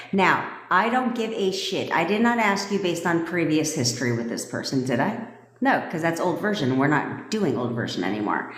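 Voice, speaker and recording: A foul-mouthed woman coaching an audience on a live stream, bossy and blunt, with a loose, joking way of talking. Her voice sits at an ordinary pitch for a woman. The room around her rings, with a long reverb trailing after each phrase. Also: expressive, moderate pace, fairly bright tone. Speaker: manifestation coach.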